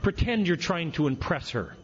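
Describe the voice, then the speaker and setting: A man's voice: a little high, sing-song, normal speed. A man doing a blunt old AA old-timer. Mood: lecturing. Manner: blunt, lecturing, bossy. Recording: dull lo-fi recording with faint hiss.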